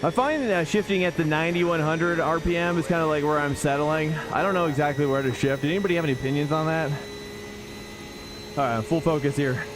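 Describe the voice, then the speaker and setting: A man's voice: on the high side, brisk, noisy background. A man streaming sim racing, chatting casually to viewers while he drives, often restarting and correcting himself, with faint music behind. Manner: chatty, self-correcting, excitable. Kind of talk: casual live-stream chat while driving.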